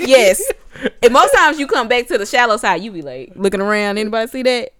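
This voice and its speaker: A woman's voice: fairly high pitch, expressive, fairly quick, a bit bright. A woman telling a story in casual chat, acting out her own panicked lines.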